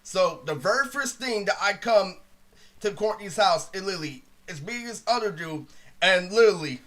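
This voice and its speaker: A young man telling a rambling, profane storytime monologue, saying "literally" constantly and dropping his voice low to quote other people. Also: animated, normal speed, fairly bright tone. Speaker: storyteller vlogger.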